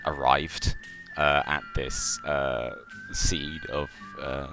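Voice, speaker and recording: A male game master with an exceptionally deep, low voice narrates a tabletop game. His descriptions are halting and meandering, with frequent pauses. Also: huge pitch swings, over music.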